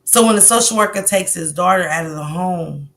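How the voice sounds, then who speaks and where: A woman's voice: lowish voice, a little fast, fairly bright tone. A woman hosting a casual livestream, talking loosely at her computer mic and greeting chat viewers by name between sentences. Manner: loose and conversational, with fillers and asides. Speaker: livestream host.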